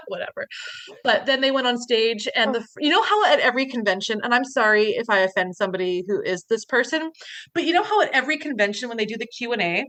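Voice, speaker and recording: Lively, swearing young woman podcaster. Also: on the high side, fairly quick. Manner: animated, swears freely, acts out quotes of others. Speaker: podcast co-host. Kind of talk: casual storytelling chat.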